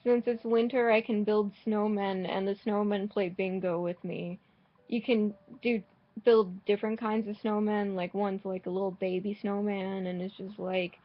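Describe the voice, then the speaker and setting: A woman's voice: medium pitch, little pitch movement, normal speed, highs cut off. A woman giving casual, rambling commentary while playing a game, sarcastic and swearing, often restarting her sentences. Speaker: gaming vlogger.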